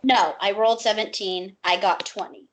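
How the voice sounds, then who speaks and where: A woman's voice: medium pitch, moderate pace, slight background noise. A woman playing in a tabletop game, a little hesitant and unsure of the rules. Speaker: player. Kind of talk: casual tabletop game play.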